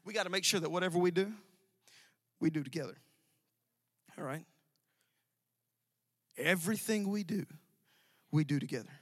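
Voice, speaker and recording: A man preaching a sermon to a congregation, emphatic and repetitive, with sudden loud outbursts. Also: fairly high pitch, moderate pace, long pauses. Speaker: pastor. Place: church sanctuary. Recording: dry sound with long hall reverb.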